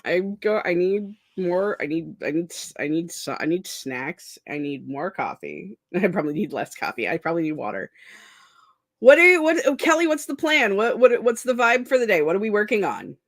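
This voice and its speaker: Sleep-deprived young woman, rambling live-stream chat, very lively pitch, dry close sound. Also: normal speed, no room sound. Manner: rambling, scattered, self-deprecating, laughs often. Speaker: streamer hosting a productivity stream.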